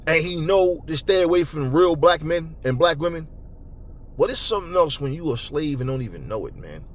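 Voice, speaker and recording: A man, his voice sitting fairly high for a man, goes off in a heated, profane rant. He stammers and repeats words as he gets worked up, talking off the cuff to his audience. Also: normal speed. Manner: calmer and lower later on. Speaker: boxing commentary channel host. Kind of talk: angry unscripted rant to camera.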